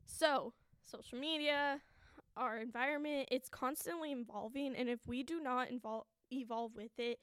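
A young woman in her twenties talks into a close, dry microphone, her voice a touch high and audibly shaky. She rambles frankly and anxiously, cursing freely and laughing at herself. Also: a little slow, a bit bright, clean tone, no echo. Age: 20s. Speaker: podcast host. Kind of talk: candid solo podcast monologue.

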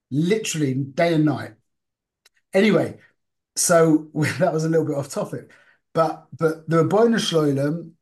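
A man giving an informal Torah class, talking conversationally, asking the group questions and mixing Hebrew and Yiddish terms into his English. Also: on the high side. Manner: asks the listeners questions. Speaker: Torah teacher.

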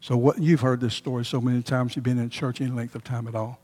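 A man's voice: mid-range voice, fairly even intonation, quick pace, a little mellow, slightly rough, in a large hall. A male pastor preaching a sermon, emphatic and repeating his key phrases for weight.

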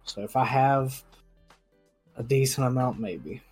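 Young male co-host, mid-pitched, relaxed and meandering, casual chat. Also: a little slow, slightly rough, faint music behind, low-quality recording. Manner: laid-back, rambling with fillers. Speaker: podcast co-host.

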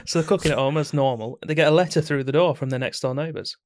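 A man's voice: fairly high pitch, no room sound. Blunt sweary man, dry mic. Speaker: podcast co-host. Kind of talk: casual banter.

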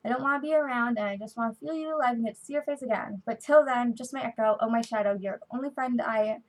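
Woman doing a lovesick chipmunk, weepy, fanfic reading, slightly high voice, lyrics read half-sung. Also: fast, natural voice, low-quality recording. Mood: sad song. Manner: half-reading, half-singing song lyrics aloud.

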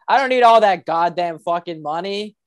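A man voicing a rude, foul-mouthed transit worker with a Boston accent, yelling and insulting. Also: mid-range voice, fairly even intonation, fast talker, natural voice. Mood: angry ranting.

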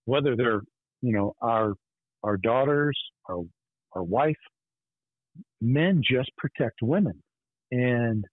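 A man's voice: mid-range voice, no room sound. Man telling a story over a tinny line. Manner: earnest, intense retelling. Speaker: podcast host. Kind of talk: personal storytelling. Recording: tinny phone-like line, dry.

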